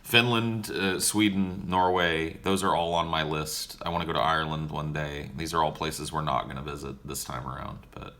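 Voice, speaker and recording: Very deep gravelly-voiced man. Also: little pitch movement, normal speed, few pauses, sharp tone. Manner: profane, joking and laid-back. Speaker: streamer answering viewer questions. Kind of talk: casual livestream Q&A.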